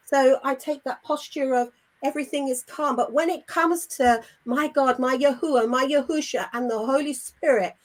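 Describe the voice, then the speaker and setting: A middle-aged woman co-hosting a Christian show, speaking earnestly and with indignant emphasis. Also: sits high. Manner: emphatic and indignant, with measured phrasing. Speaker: co-host of a Christian online show. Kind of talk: earnest spiritual talk.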